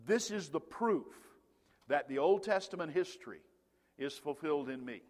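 A man's voice: mid-range voice, expressive, a little slow. A man preaching a sermon as pastor of a large church, talking conversationally with asides and fillers. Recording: long reverb of a large hall.

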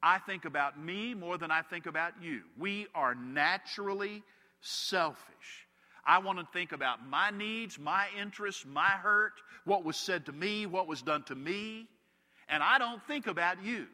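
A man's voice: high-pitched, unhurried, bright, forceful tone. A man preaching a sermon as a pastor, telling humorous stories to make his point. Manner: storytelling with humorous anecdotes. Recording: long hall reverb.

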